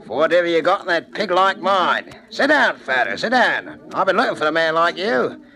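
An actor playing Grigsby, a boastful, scheming master thief, hearty and swaggering in an old-time radio drama. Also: male voice, a little high, sing-song, moderate pace, creaky, sharp tone, exaggerated voice. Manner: hearty, swaggering, laughs often.

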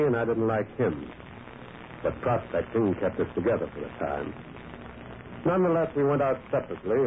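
A lonely, brooding old prospector. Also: male voice, on the low side. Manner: brooding, dramatic storytelling. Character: lonely male prospector narrating his past. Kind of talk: 1940s radio acting. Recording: tinny lo-fi old radio broadcast with faint hiss.

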